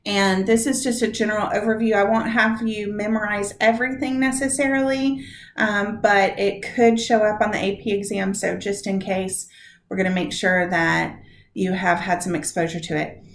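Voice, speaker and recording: A woman teaching a recorded video lesson to her high school English class, talking straight to the students and drawing out her spoken examples. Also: echoey room. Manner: chatty, direct address to students, drawn-out examples. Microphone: computer mic.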